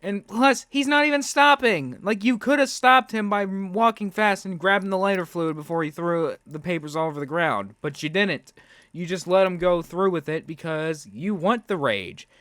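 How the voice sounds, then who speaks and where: Dude ranting sarcastic reaction commentary, kinda high voice, dry close mic. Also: male voice, normal speed, a bit bright, dry recording. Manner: sarcastic, ranting, mocks with put-on quotes. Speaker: reaction video host.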